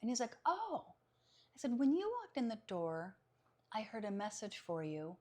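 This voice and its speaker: A psychic medium appears as a podcast guest, telling a story in casual conversation. She is animated, laughs often, acts out the voices she quotes, and speaks briskly at a medium pitch.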